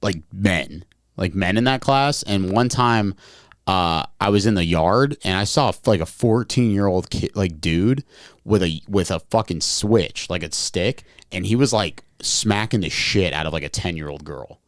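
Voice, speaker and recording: A man's voice: low-pitched, animated, a little slow, dry recording, clean studio sound. A man co-hosting a podcast in casual chat, telling stories with lots of swearing and stumbling restarts. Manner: rambling storyteller, swears freely, many restarts. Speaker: podcast co-host.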